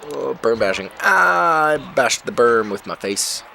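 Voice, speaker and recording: Deep-voiced man rambling over gameplay. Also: moderate pace, gravelly, slight background noise. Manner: rambling, self-interrupting, reacts loudly to crashes. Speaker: gaming channel host. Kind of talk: casual gameplay commentary. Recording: game music behind voice. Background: game music and engine sounds.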